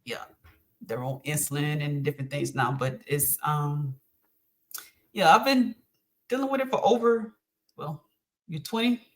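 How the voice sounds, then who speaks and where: Speaking unhurriedly in a deep voice and pausing often, the host's mother appears as a podcast guest. This middle-aged woman talks earnestly about faith and encouragement in a casual chat, peppered with ums.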